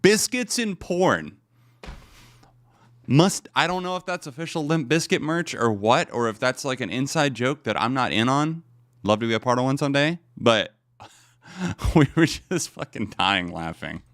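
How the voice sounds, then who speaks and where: A man's voice: medium pitch, lively intonation, moderate pace, a bit bright, no echo, studio quality. A man streaming live, reacting to songs with casual, swearing, disbelieving commentary and frequent laughter. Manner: incredulous, swearing, laughing often. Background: faint music playing.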